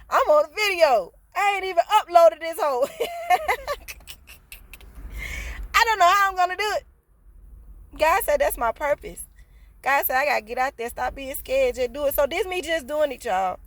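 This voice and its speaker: A woman telling a casual storytime on her vlog, blunt, slangy and passionate, swearing freely. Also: high-pitched. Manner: slangy, streetwise talk. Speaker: vlogger.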